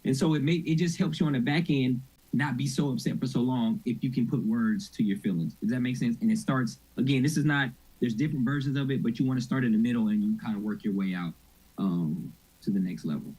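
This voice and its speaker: A husky-voiced middle-aged man teaching a church mental health session. He talks informally and keeps checking whether his listeners are following. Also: medium pitch, fairly quick, warm tone, rough recording. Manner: conversational, informal, asks audience questions. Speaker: mental health ministry speaker.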